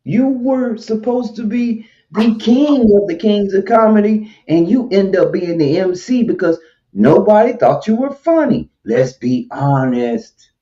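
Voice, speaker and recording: A man's voice: sits high, animated, a little slow, warm tone, a little hiss or hum. A man hosting a livestream, giving blunt, emphatic opinions in casual chat with a mocking edge. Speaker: stream host. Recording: muffled lo-fi stream audio.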